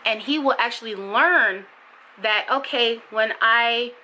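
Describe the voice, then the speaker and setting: A young woman speaks straight to camera in an impassioned, emphatic vlog, her voice bright and forward. She leans on repetition to drive points home, with a faint hum of room noise behind her. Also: slow, poor audio. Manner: bursts high and loud when mimicking others. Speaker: vlogger. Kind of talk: candid vlog monologue.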